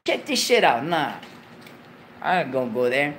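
A man's voice: a little high, very animated, normal speed, a bit bright, slight background noise. A man hosting a show, giving a profane comic monologue in laid-back street slang, lecturing his viewers. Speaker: show host.

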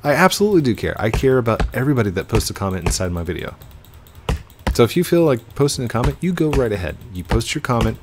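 A man's voice: mid-range voice, big pitch swings, quick pace, noisy background. A young man hosting a gaming channel, chatting casually and rambling to his viewers while he plays. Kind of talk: casual gameplay commentary.

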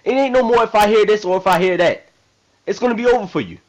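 Guy playing a hotheaded president, swears a ton, talks fast and kinda high, game rp drama. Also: natural voice, poor audio. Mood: defiant. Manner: profane, rambling street slang. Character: brash foul-mouthed male president, hot-tempered and defiant. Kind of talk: video game role-play drama.

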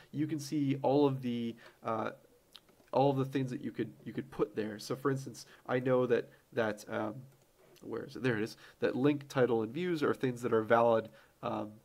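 A man hosting a screen-recorded programming tutorial, relaxed and thinking aloud with fillers as he types code. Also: medium pitch.

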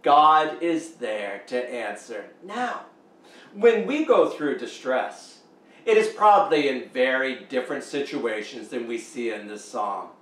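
A Canadian man preaching a sermon as pastor, slow and emphatic, with rising pitch on key words. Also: fairly bright tone. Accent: Canadian English. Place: church sanctuary. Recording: echoey church room, mic at a distance.

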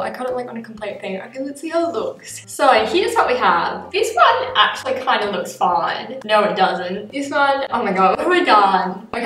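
A woman's voice: mid-range voice, a bit bright. A young woman vlogging at home, talking to the camera in a nervous, rambling, self-mocking way while she cuts her own hair. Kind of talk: casual talk to camera. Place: home bathroom. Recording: echoey bathroom, mic at a distance.

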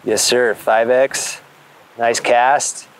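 A man's voice: mid-range voice, little pitch movement, drawn-out words, background noise. A man working as a fishing guide on a river boat, giving short encouraging remarks. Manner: terse, encouraging.

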